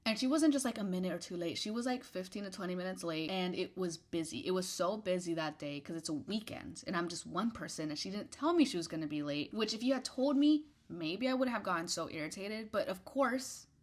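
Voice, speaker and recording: A young woman casually telling a storytime, animated and petty, acting out quotes and dropping to whispered asides. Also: fairly low pitch, brisk, hardly any pauses. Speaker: vlogger.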